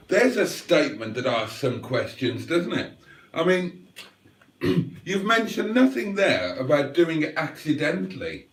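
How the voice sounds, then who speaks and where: A man's voice: fairly high pitch, far from the mic. A man hosting a livestream and reading out chat in a playful, wry, mock-theatrical way. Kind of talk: casual chat.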